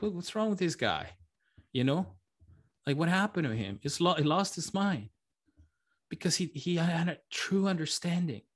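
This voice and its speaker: A man preaching a sermon as pastor, earnest and emotional, often repeating his phrases. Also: mid-range voice.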